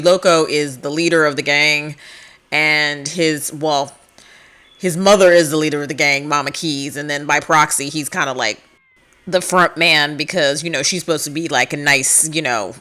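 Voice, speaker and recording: A woman's voice: low voice, pushed and bright, clean tone. A woman hosting a life-sim game let's-play, narrating casually in a chatty way. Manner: chatty, laughs often.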